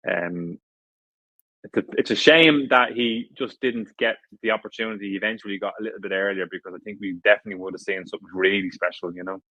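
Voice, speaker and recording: A middle-aged Irish man, a former footballer appearing as a podcast guest, has a fairly low, slightly bright voice. He tells stories in a casual interview, rambling with many restarts and fillers. The audio is lo-fi with no room sound.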